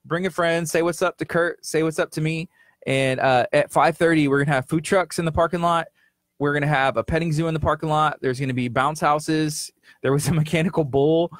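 A man's voice: a little high, fairly even intonation, brisk, dry recording, studio quality. A man co-hosting a local radio show, chatting casually and teasing his co-host with a joking, laughing manner. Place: radio studio. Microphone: studio microphone.

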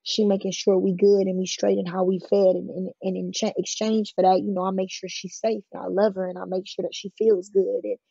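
Woman guest telling her story, plain-spoken and frank, raspy and gravelly, on a dry recording. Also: medium pitch, level tone, a little fast, few pauses, mellow, dry recording, lo-fi sound. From California. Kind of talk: emotional personal storytelling in an interview.

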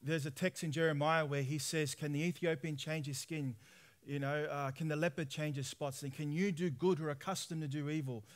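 A man, preaching a personal testimony sermon in lively storytelling style, acting out dialogue. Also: fairly high pitch, a little fast. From Australia. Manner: animated storytelling, acts out dialogue with laughs.

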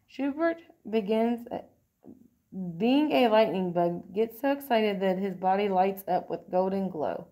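A woman reading a children's picture book aloud. Her reading is expressive and lively, and she now and then slips on a word or clears her throat. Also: medium pitch, slow pace. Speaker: storybook reader.

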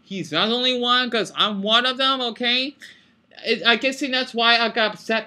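A man's voice: sits high, pushed and bright. A man talking off the cuff in a vlog, rambling and apologetic, tagging "okay?" and "right?" onto his sentences. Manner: emotional, apologetic, swears when upset. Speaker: vlogger reacting to news. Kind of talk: unscripted rambling commentary.

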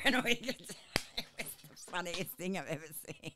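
A woman's voice: on the low side, lively intonation, normal speed, background noise. An Australian woman from the Brisbane area, a podcast guest telling crude stories in casual chat and laughing often. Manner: laughing storyteller, crude humour.

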